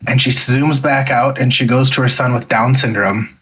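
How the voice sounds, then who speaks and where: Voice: medium pitch, fairly even intonation, moderate pace, fairly bright tone, breathy edge, poor audio. A podcast co-host in casual chat, rambling and leaning heavily on "like". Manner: rambling, heavy use of "like"; laughs often.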